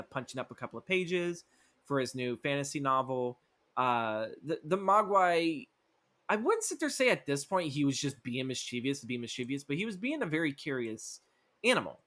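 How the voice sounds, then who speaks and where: A male podcast co-host chats loosely and profanely about a movie script, his voice at an ordinary middle pitch with a fairly bright tone. He rambles through the story, repeatedly slipping into quick acted-out lines for the characters.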